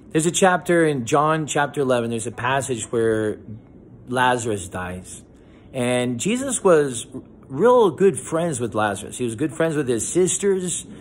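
A man, a pastor, gives a conversational devotional with frequent restarts and a gentle, softening delivery. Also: mid-range voice, a little hiss or hum. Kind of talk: casual spoken devotional.

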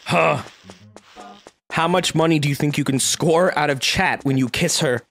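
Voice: mid-range voice, normal speed, a bit bright. A game streamer giving casual, joking play-by-play and reading the game's dialogue aloud, swearing freely. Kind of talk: casual let's-play commentary.

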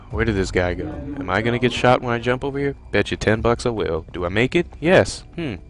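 A man's voice: fairly low pitch, lively intonation, moderate pace, faint music behind. A man giving profane, frustrated let's play commentary while playing a game. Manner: profane, ranting, loudly frustrated.

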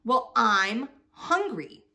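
Raspy screeching bully rat, as a woman puts her on. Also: medium pitch, big pitch swings, extremely slow, a bit bright, full character voice. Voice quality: raspy, wheezing. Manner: screeching, snapping.

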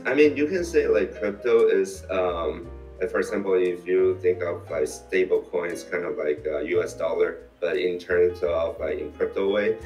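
A man from Taiwan, a guest in a casual interview, talking in a halting way full of fillers and restarts. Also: low-pitched, darkish tone. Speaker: interview guest, crypto YouTuber. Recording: roomy echo, mic set far off.

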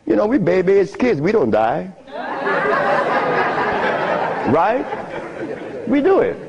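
A man's voice: sits high, huge pitch swings, normal speed, a loud crowd, very noisy. A man lecturing an audience, telling stories in an emphatic, teasing way, on a dull lo-fi recording. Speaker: speaker addressing an audience. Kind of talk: lecture with storytelling.

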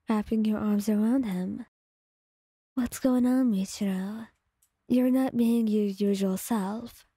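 Brief: woman storyteller, slow, breathy and mellow, dry close mic, soft ASMR narration. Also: medium pitch, no room sound. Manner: calm, slow second-person storytelling.

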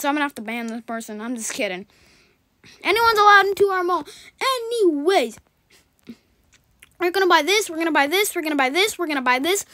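A woman giving rapid, rambling, excitable commentary while playing a video game. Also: very high voice, no echo, studio quality. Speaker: gaming channel host. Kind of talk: gameplay commentary.

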